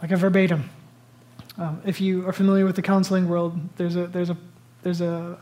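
A man preaching a sermon as a pastor, retelling stories dramatically, swinging between loud bursts and hushed whispers. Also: high voice, level tone, fairly quick.

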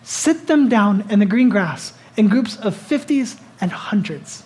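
A pastor delivers a sermon in a relaxed, conversational voice. The delivery is animated and full of questions put straight to the congregation. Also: mid-range voice, unhurried, hardly any pauses.

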